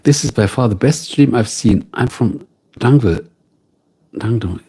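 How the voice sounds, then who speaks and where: Slow-talking German-accented man, husky and mellow. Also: medium pitch. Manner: slow, musing, greets viewers by name. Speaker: livestream host. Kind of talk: casual live-stream chat.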